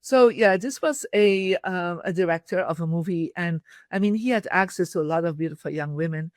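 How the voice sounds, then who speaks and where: A woman's voice: on the low side, fairly quick, no room sound, clean studio sound. Woman telling stories in an interview. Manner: animated storyteller, quotes dialogue. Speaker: podcast guest, feng shui teacher. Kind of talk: casual interview storytelling.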